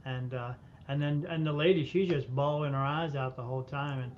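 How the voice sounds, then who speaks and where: A man, a medium, telling a lively story as a podcast guest, acting out the voices of people in it. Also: fairly quick. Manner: animated anecdotes, acting out quoted voices. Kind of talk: casual storytelling. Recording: muffled audio with faint rumble.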